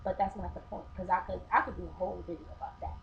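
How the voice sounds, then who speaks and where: A woman's voice: on the low side, fairly even intonation, rapid-fire, vocal fry. A woman chatting in a casual vlog, telling a story with mocking asides. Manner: storytelling, mocking, acts out quotes. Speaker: vlogger. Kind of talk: casual opinion chat. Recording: dull lo-fi webcam sound with faint hiss.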